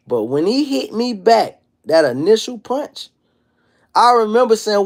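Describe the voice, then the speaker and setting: A man in his thirties holds forth on his livestream, slinging profanity and street slang as he spins his stories. His voice sits a bit high for a man. He tells it all with loose, animated energy. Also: normal speed. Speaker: livestream host. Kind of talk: casual livestream monologue.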